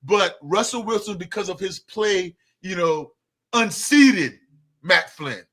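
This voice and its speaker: Emphatic high-voiced man talking sports. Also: expressive, slow, a bit bright. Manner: emphatic, repeats words when fired up. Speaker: sports talk co-host. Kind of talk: casual sports debate.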